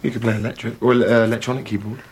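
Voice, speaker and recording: An actor playing a restless, unhappy architect in a film scene, asking quick, offhand questions. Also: male voice, mid-range voice, level tone, a little hiss or hum, lightly acted. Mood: curious. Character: unhappy architect, man, middle-aged, restless. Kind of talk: film dialogue.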